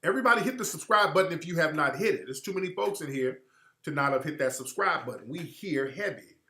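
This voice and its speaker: Deliver this as a man on a livestream, speaking high, bright and forceful, firing off rhetorical questions with blunt profanity. The voice sits in a roomy space with a clear echo. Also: lively intonation, fast. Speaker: livestream host. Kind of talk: livestream monologue.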